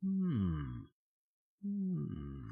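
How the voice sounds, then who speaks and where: A man's voice: on the high side, wildly swooping pitch, very slow, vocal fry, husky, narrow, tinny audio, faint music behind. A British man with a cold, thinking aloud as he streams live gameplay commentary and muses over his options. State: has a cold, coughing.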